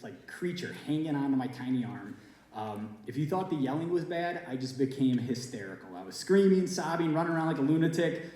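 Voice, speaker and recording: A man's voice: medium pitch, a little mellow, slight background noise. A man of about forty, a teacher, telling a personal story at a school event in a casual, conversational way with lots of fillers. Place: school auditorium or hall. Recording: very echoey hall.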